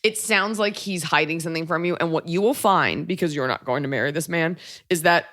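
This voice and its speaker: A woman's voice: deep voice, fairly quick, a bit bright. A woman from Texas hosting a podcast, chatting casually in a rambling, wry and blunt way with lots of fillers. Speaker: podcast host.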